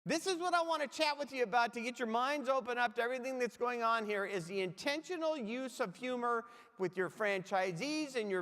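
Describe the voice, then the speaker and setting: Very high-pitched and a bit bright, a middle-aged man's voice carries through echoey hall reverb as he gives a humorous motivational keynote. Speaking on a stage mic in a large conference hall, he tells punchy stories and makes asides to the audience.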